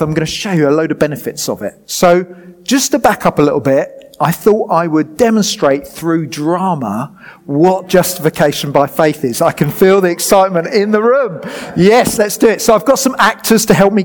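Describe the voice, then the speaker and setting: A man with a fairly high voice, preaching a sermon. He is lively and jokes with the congregation as he explains and directs a demonstration. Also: moderate pace.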